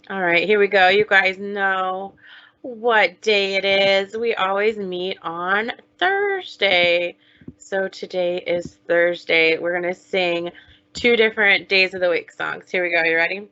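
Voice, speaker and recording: A woman teaching young children online, talking slowly in a sing-song way as she leads chants, songs and counting. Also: medium pitch, sharp tone, smooth, muffled recording. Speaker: preschool teacher.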